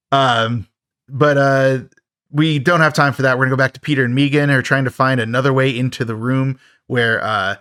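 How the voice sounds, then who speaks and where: A man's voice: medium pitch, a bit bright, dry recording, clean studio sound. A man hosting a podcast, recapping a film in a rambling, casual way full of fillers and wry jokes. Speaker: podcast host.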